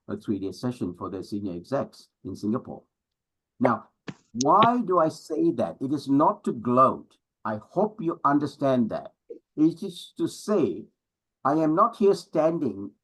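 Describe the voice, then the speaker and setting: Husky-voiced middle-aged male motivational coach. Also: medium pitch, low-quality recording. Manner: emphatic, preacher-like, with rhetorical questions. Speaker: business coach and speaker. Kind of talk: motivational talk to an audience.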